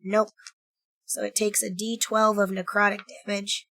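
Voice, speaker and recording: A woman playing a tabletop game, calmly and methodically stating her character's spells and damage. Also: mid-range voice, moderate pace, heavy background noise. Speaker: player. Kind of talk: casual tabletop play.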